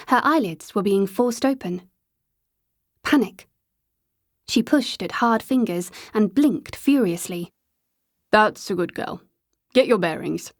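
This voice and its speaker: A woman narrating an audiobook in a scripted reading, slowing to a drawn-out, dreamy pace in the hazy passages. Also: mid-range voice, a little mellow, no room sound, studio quality.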